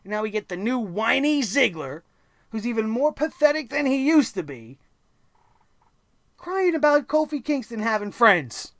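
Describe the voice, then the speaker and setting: A man's voice: very high voice, sing-song, moderate pace, fairly bright tone, no echo. A man hosting a wrestling review show, ranting angrily and sarcastically and swearing constantly.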